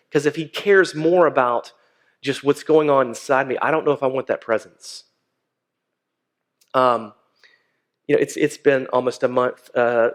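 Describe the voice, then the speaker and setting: A man preaching a sermon in a conversational way, with frequent fillers and restarts. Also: mid-range voice. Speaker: pastor.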